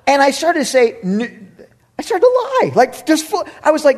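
A man in his thirties preaching a sermon, animated and humorous, jumping from loud exclamations to hushed asides. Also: very high voice, moderate pace. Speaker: pastor.

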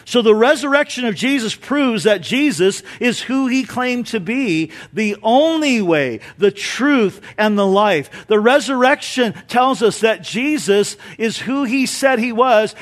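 A man preaching an Easter sermon as pastor, telling stories with humor and swinging between emphatic lines and hushed ones. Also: high-pitched, animated, unhurried, hardly any pauses. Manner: storytelling with humor.

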